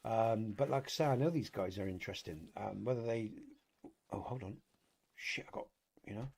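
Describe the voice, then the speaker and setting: A man's voice: fairly low pitch, brisk, vocal fry, darkish tone, husky. A man with a British accent hosting a live game stream, rambling chattily to his viewers with frequent swearing and fillers. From Britain. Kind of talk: casual live-stream chat while playing a hunting game.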